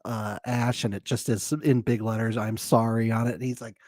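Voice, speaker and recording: A man's voice: fairly low pitch, flat delivery, moderate pace, a little mellow, no room sound, clean studio sound. Wry man co-hosting a podcast. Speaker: podcast co-host. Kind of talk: casual reality TV recap chat.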